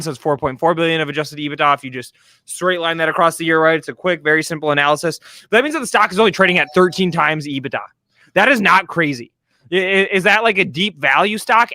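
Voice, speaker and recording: Energetic male stock show host, bright edge, stammers and restarts. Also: a little high, no echo. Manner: fast, excitable, stammering restarts. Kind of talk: live stock market show.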